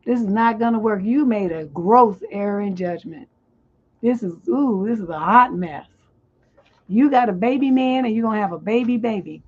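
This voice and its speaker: A woman's voice: medium pitch, moderate pace. A middle-aged woman hosting a livestream relationship advice show, reading viewer letters and answering in blunt, profane, exasperated rants. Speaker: relationship coach and livestream host. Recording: dull lo-fi stream audio.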